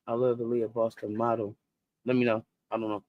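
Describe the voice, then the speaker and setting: A man hosting a casual livestream sports chat, animated and slangy, greeting viewers and reading their comments aloud. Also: medium pitch, a little fast, highs cut off. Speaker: sports talk host.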